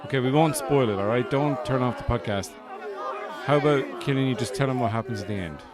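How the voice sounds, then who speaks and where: A man's voice: medium pitch, brisk, a loud crowd. A man hosting a podcast from his bedroom, chatting casually with playful, joking asides. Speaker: podcast host. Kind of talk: casual chat.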